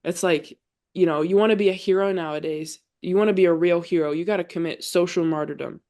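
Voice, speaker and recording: Here a young adult woman talks fast in a fairly low, steady, darkish voice. As a podcast guest and college volleyball player, she speaks earnestly and casually about her faith, with frequent use of "like."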